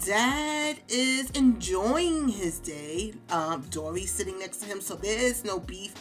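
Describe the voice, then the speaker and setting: A woman hosting a casual game let's play, chatting to viewers and reacting out loud to the game. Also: medium pitch, slow, faint music behind.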